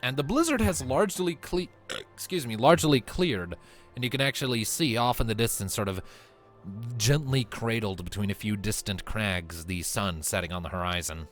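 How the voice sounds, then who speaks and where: A man running a tabletop game as game master, narrating scenes in a relaxed, descriptive way with casual fillers. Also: fairly low pitch, normal speed, soft background music.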